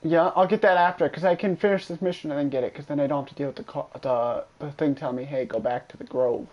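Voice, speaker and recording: A man with a slightly high voice talks fast, and the audio has its highs cut off. While streaming a game he chats casually, cursing a lot and trash-talking a friend with excitable, profane energy as he comments on play.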